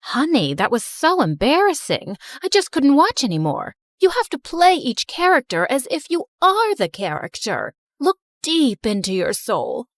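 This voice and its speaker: A woman's voice: sits high, wildly swooping pitch, unhurried, hardly any pauses, dry recording, studio quality, full character voice. A woman voicing a vain, theatrical mother who was once an actress, talking in a dramatic, self-absorbed way.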